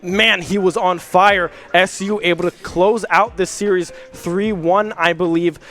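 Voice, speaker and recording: High-voiced young male esports caster. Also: steady tone, a bit bright, soft background music. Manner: rapid play-by-play, rising at big plays. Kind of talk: live esports commentary.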